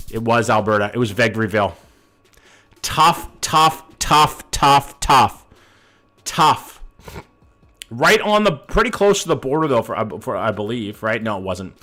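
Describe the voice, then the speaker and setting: A man's voice: on the low side, a bit bright. A man streaming a game live, thinking aloud in a casual way, swearing now and then and greeting his chat by name.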